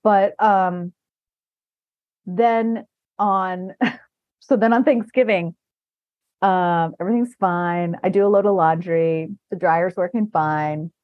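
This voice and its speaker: A woman's voice: lowish voice, fairly even intonation, slow pace, pauses often, no echo. A woman podcast host telling rambling anecdotes in a casual chat, often laughing as she talks. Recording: dull dry lo-fi recording.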